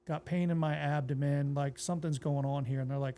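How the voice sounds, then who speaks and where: A man, a pastor, telling his own story in a relaxed, plainspoken way on an interview podcast and acting out what people said to him. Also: on the high side, fairly quick, hardly any pauses. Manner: relaxed, plainspoken retelling that acts out quoted dialogue.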